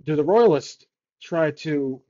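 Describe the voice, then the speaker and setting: A man's voice: on the high side, expressive, takes it slowly, dark tone, dull audio. A man narrating his solo tabletop game, casually thinking aloud and rolling odds for each choice.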